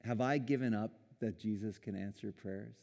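A man preaching a sermon in a casual, conversational way, lively when quoting and quick to chuckle. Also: lowish voice, gravelly, in a large hall. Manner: conversational, animated when quoting, with small laughs and restarts. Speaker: pastor.

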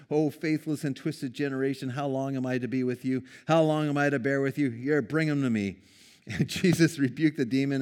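A man preaching a sermon in a casual, conversational way, lively when quoting and quick to chuckle. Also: a little high, in a large hall. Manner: conversational, animated when quoting, with small laughs and restarts. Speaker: pastor.

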